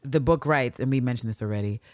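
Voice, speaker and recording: A woman co-hosting a casual podcast, reading old diary entries aloud and reacting with animated, profane outbursts. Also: rumbling low, fast, no room sound, clean studio sound. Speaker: podcast co-host.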